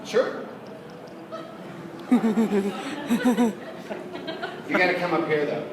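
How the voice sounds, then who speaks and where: Animated man on a panel, echoey hall. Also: very slow, crowd noise. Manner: animated, jokey, acts out quotes with big pitch jumps and laughs. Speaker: voice actor on a convention panel. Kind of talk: lively convention panel storytelling. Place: large convention hall. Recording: far-off echoey hall recording with noise.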